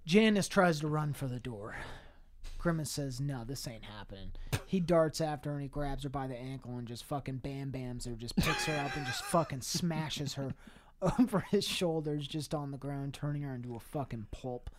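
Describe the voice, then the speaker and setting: Young male co-host, mid-pitched, loose profane improvised storytelling with frequent restarts. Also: slight background noise. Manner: rambling, profane, frequent laughing asides. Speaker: podcast co-host.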